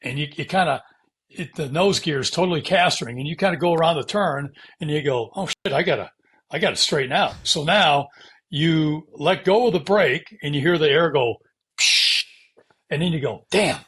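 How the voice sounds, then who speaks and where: Older american ex-pilot, husky voice, acts out radio calls and brake hisses, curses a lot. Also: male voice, a little high, normal speed. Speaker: former fighter pilot guest. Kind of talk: animated storytelling interview.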